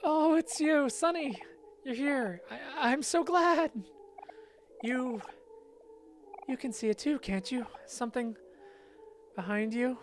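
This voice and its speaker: A woman's voice: high-pitched, lively intonation, takes it slowly, pauses often, a little hiss or hum, pitched above the performer's own voice, exaggerated voice. A woman voicing a frightened, clingy young boy who stammers out trembling pleas. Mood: pleading.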